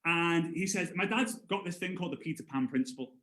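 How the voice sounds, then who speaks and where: High-voiced, energetic man in an echoey room. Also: brisk. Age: 30s. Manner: energetic storyteller, acts out voices with big jumps. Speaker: network marketing trainer. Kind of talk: live motivational sales training.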